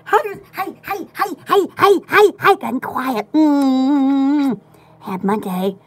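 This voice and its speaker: A woman's voice: sits high, lively intonation, slow pace. A woman, hosting a rambling, casual live video from home. She giggles a lot and jumps from one goofy topic to the next. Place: home at night.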